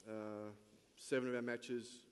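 A man speaking as a team's head coach, his answers measured and frank, often pausing on fillers. his voice sits at an ordinary pitch and carries a long reverb through a large hall. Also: level tone, smooth. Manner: measured, candid, with many fillers. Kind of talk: on-stage interview answers. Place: large function hall at a lunch event.

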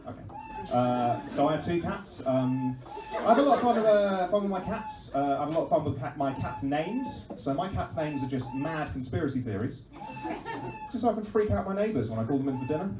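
A man doing musical stand-up comedy in a club, with deadpan, self-mocking asides over his keyboard. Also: fairly high pitch, noisy background. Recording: echoey club recorded from far off. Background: keyboard playing and audience laughter.

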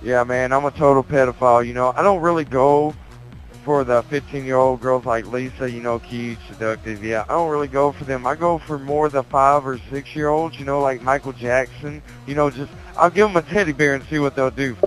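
A man's voice: mid-range voice, fairly even intonation, a little fast, soft background music, poor audio. A man leaving crude, taunting voice messages over a game headset. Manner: crude taunting, mock-soft drawl.

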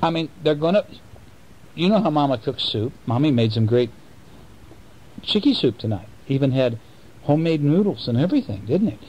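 A father reading a bedtime storybook to his children at home, chatting gently and coaxing them with questions. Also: a little high, big pitch swings, moderate pace, pauses often, poor audio.

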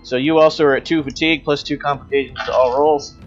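A man running a tabletop role-playing game as game master, briskly explaining rules and teasing the players. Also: medium pitch, fairly even intonation, slightly rough, dull audio, faint music behind.

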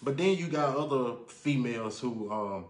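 A man, a guest on a casual live-stream chat, laying out his opinions in a measured, down-to-earth way. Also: mid-range voice, animated. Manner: measured, explains his view with everyday examples. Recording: echoey room.

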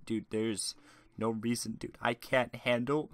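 A man's voice: medium pitch, fairly even intonation, a little slow. A young man doing a crude, rambling joke Q&A as a YouTuber, swinging from ranting to mumbling. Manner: crude, rambling, shifts between shouting rants and mumbling. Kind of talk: joke Q&A monologue.

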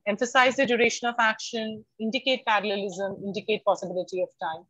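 A woman with an Indian English accent giving an online university lecture, lively and expressive, slipping into Hindi for everyday examples. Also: mid-range voice, quick pace, no room sound. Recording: dry, dull lo-fi online call.

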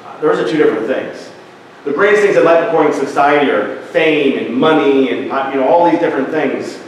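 A man's voice: fairly high pitch, slight background noise. Man preaching in an echoey church. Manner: conversational preaching with asides and restarts. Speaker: pastor. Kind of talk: sermon. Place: church sanctuary. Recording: echoey church hall from a distance.

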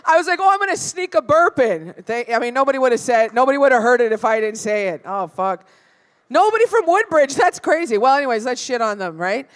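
A woman's voice: a little high, expressive, quick pace. A woman doing a stand-up set at a live venue, brash and profane, teasing the crowd. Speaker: stand-up comedian.

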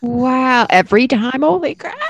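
Casting: woman player, giggly, very lively pitch. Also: moderate pace, lo-fi sound. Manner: giggly, joking.

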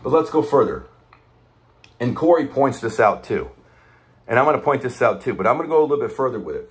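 A man giving impassioned, conversational preaching commentary, repeating his points with emphasis. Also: medium pitch. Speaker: online preacher commenting on church news.

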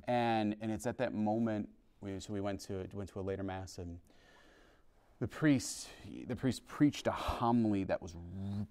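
A male priest telling his conversion story to a parish class in an earnest, halting way, with many restarts. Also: on the low side, darkish tone. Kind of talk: informal testimony to a parish class. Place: parish hall.

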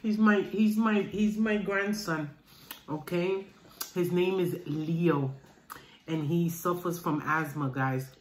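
Chatty middle-aged woman vlogger, low voice, unhurried, recorded in an echoey room. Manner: chatty, calls viewers "guys". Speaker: mukbang vlogger. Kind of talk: casual chat to viewers while eating. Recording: roomy room with faint noise.

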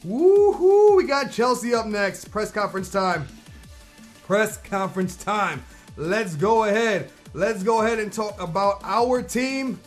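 A man commentating on his own football video game, excitable and slangy, who shouts at the plays. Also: high voice, a little slow, soft background music. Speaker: gaming commentator.

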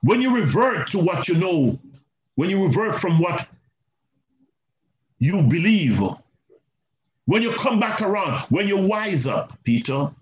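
A male pastor preaching a sermon, animated and repetitive, with asides to the congregation. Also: sits high, measured pace, pauses often. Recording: roomy, slightly muffled church recording.

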